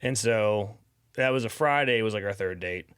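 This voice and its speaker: A man's voice: lowish voice, normal speed, fairly bright tone, clean tone, dry recording, clean studio sound. A man guest on a podcast, telling a personal story in a rambling, casual way, full of "you know" and "like". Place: studio.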